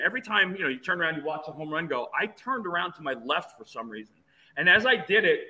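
A man in his fifties from Phoenix, a guest telling stories in an animated way with many restarts. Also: high-pitched, poor audio. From Phoenix, USA. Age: 50s. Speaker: interview guest, former player. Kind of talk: storytelling in an interview.

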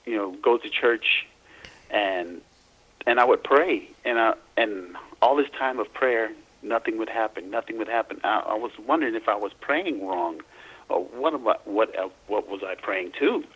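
A middle-aged man, a guest author, recounting his experiences in a halting way, repeating words as he searches for them. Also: on the low side, fairly bright tone, slightly rough, low-quality recording. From Louisiana, US. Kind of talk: casual interview, recounting personal experiences.

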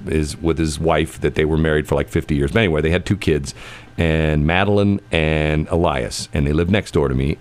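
A middle-aged man hosting a radio show, telling rambling stories in casual chat, laughing often and restarting his sentences. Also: rumbling low. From United States. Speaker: radio host.

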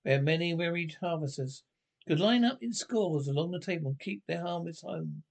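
A man reading a classic children's novel aloud, halting and correcting himself often. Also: a little high, lively intonation, creaky, darkish tone. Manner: halting, with frequent self-corrections. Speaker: narrator. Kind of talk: audiobook narration.

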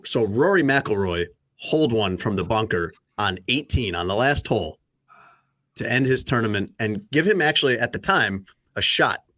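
Man, sports talk host, low voice, dry close sound, easygoing delivery. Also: animated, moderate pace, bright, forceful tone, no room sound. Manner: conversational, dry, lots of fillers.

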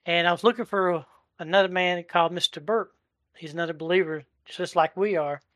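A man in his forties giving a heartfelt personal testimony, halting and searching for words as he goes. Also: high-pitched, fairly even intonation, a bit bright, no echo, studio quality. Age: 40s. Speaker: delivery driver sharing a testimony. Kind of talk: emotional personal testimony in a live chat.

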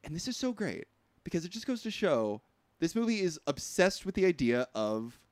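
A man co-hosting a casual podcast chat, lively and quick to laugh, swearing casually. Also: a little high, dry recording. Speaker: podcast co-host.

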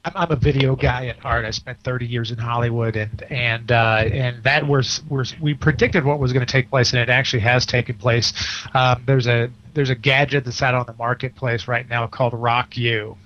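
A man's voice: medium pitch, fairly even intonation, normal speed, hardly any pauses, a bit bright. A middle-aged man hosting a casual talk radio show, speaking hesitantly with many fillers and restarts. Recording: slightly dull, lo-fi radio audio.

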